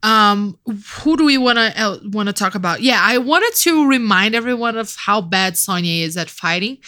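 A woman from Brazil co-hosting a casual movie podcast. Her voice is bright and lively, and she rambles, swears casually and laughs easily as she talks. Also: mid-range voice, normal speed. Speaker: podcast co-host. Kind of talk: casual movie review chat.

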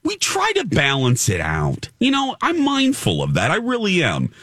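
A man's voice: sits high, normal speed, no room sound. A man hosting a talk show in casual chat, telling a story animatedly and acting out what people said. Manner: animated storyteller, acts out quotes.

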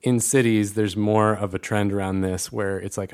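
A man co-hosting a podcast, talking in a relaxed, thoughtful way. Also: lowish voice, moderate pace, smooth. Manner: relaxed, thoughtful, laughs easily. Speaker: podcast co-host. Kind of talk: casual podcast chat.

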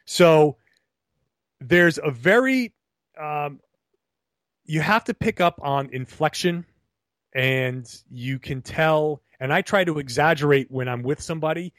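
A man's voice: a little high, takes it slowly, long pauses, fairly bright tone, no room sound, clean studio sound. A man co-hosting a podcast, talking animatedly in long rambling turns with many restarts, joining remotely. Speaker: podcast co-host. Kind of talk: casual podcast conversation. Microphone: remote call.

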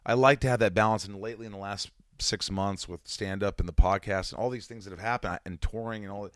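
A man in his forties, a comedian and musician, chatting casually as a guest and telling rambling, animated stories with some profanity. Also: lowish voice, quick pace, no echo, clean studio sound. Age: 40s. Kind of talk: casual interview chat.

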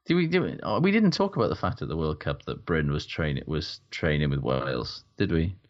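A man with a very deep voice co-hosting a podcast in casual chat. He reacts dryly, with a mock-solemn tone. His recording sounds slightly dull and lo-fi. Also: sing-song, brisk. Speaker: podcast co-host.

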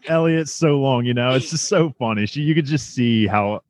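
A man co-hosting a casual show recap, relaxed, swearing, and hedging his opinions. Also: medium pitch, a little fast, no room sound, clean studio sound. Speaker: podcast co-host.

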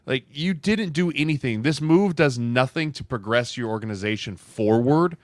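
A man's voice: medium pitch, expressive, normal speed, dry recording. A man co-hosting a sports podcast, making his case in casual chat, tossing in "right?" as he builds each point.

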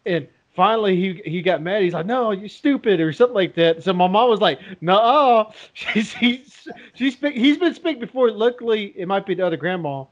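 A man's voice: high-pitched, animated, fairly quick, lo-fi sound. A man chatting casually, often laughing as he tells family stories. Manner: laughs through his stories. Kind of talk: casual chat.

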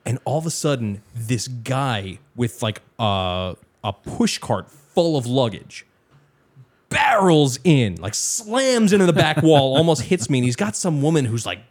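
A young man telling a story in casual chat, animated and swearing often, acting out other people's lines. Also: mid-range voice, a little slow.

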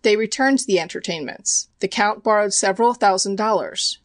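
A woman reading an audiobook chapter in an even, measured narration. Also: medium pitch, dry recording.

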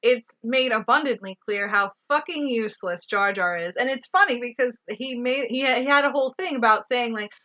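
A woman co-hosting a casual movie recap, sarcastic and animated, swearing freely. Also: a little high, fairly quick, hardly any pauses, muffled recording. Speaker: podcast co-host.

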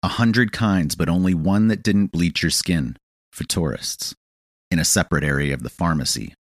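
Very low-voiced male storyteller. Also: normal speed, no echo, clean studio sound. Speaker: audiobook reader. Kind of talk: scripted narration of an audio play.

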